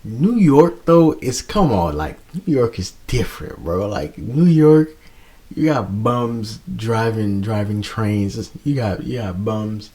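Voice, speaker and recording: A young man from Florida hosting his own podcast, ranting in a casual, animated way with lots of restarts and fillers. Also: lowish voice, slow. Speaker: podcast host. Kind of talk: casual rant.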